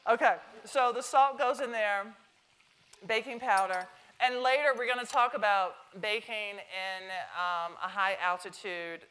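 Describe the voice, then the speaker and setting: Woman, Southern American accent, middle-aged, bright forceful voice, chatty and joking, live cooking demo. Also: mid-range voice, a little slow, clean tone. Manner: chatty, joking, talks to the audience. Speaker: cooking demonstrator. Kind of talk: live cooking demonstration to an audience. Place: stage kitchen before a live audience.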